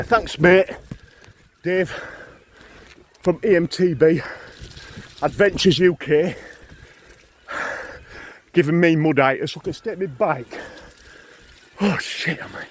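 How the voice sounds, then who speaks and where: A Yorkshire vlogger with a fairly high voice speaks slowly, pausing often, with a little hiss or hum on the audio. Out of breath, he talks casually into a handheld phone while cycling up muddy hill tracks outdoors, groaning, swearing, and joking.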